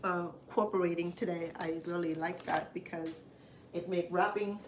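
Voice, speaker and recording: A woman's voice: fairly low pitch, steady tone, moderate pace, slight background noise. A woman with a Cambodian accent, a native Khmer speaker, hosting a cooking show and chatting in a rambling, storytelling way in her home kitchen. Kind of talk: casual chat while cooking.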